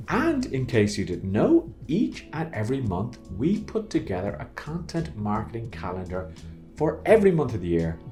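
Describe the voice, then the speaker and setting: An Irish man hosting an upbeat marketing video, playful and animated with jokey asides. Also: mid-range voice. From Ireland. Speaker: host.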